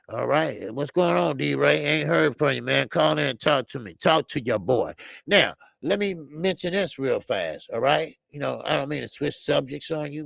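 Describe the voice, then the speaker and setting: A man's voice: mid-range voice, creaky, a bit bright, no room sound. A man hosting a boxing call-in show, talking casually and animatedly, rambling with many restarts.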